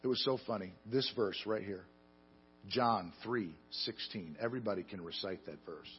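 A man preaching a sermon, telling stories with self-deprecating humor and swinging between loud emphasis and quiet asides. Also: lowish voice, normal speed, muffled recording, faint music behind. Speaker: pastor.

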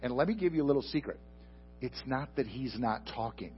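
A man preaching a sermon into a microphone before a congregation, asking them questions and swinging from loud emphatic bursts to soft, slow asides. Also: medium pitch, lively intonation, lo-fi sound, soft background music. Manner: addresses the congregation directly with questions. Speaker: pastor. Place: church sanctuary before a congregation.

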